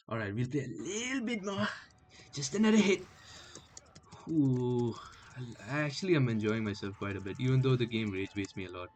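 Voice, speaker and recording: A young man streaming gameplay, chatting casually and trash-talking enemies with sudden yells. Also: medium pitch. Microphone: headphones with mic.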